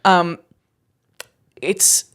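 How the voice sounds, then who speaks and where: A young adult woman, co-hosting a podcast and telling a story in casual chat, animated and swearing freely. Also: drawn-out words. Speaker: podcast co-host.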